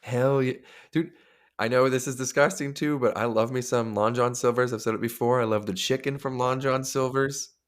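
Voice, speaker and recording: A man's voice: mid-range voice, steady tone, normal speed. A man co-hosting a podcast, telling crude, joking stories in loose casual chat. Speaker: podcast co-host.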